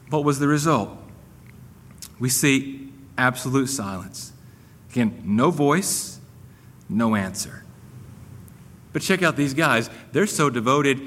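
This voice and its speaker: A man preaching a sermon in an animated, conversational way, with humor and frequent restarts. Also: a little high. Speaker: pastor. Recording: long hall reverb.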